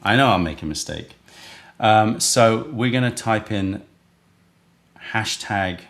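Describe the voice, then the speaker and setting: A man with a low, gravelly voice hosts a casual live stream. He rambles, thinks out loud and chats loosely with his viewers. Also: slow. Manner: rambling, chatty, thinks aloud. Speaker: livestream host selling tea.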